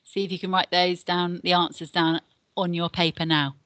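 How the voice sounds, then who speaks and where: A woman with an English accent teaching a recorded beginner Spanish lesson, modelling each word slowly and carefully for pupils to repeat. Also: fairly low pitch, level tone, a bit bright, dry recording. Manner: slow, careful modelling of pronunciation.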